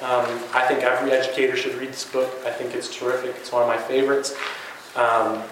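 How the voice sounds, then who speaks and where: A man's voice: medium pitch, flat delivery, a little fast, background noise. A man who teaches and coaches basketball, giving an earnest, conversational talk to fellow educators with plenty of fillers and restarts. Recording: very echoey room with faint ambience.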